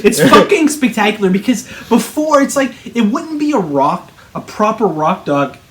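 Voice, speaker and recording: High-voiced laughing male co-host. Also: very animated, moderate pace, noisy background. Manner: laughing, enthusiastic, swears casually. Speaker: podcast co-host. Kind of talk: casual chat.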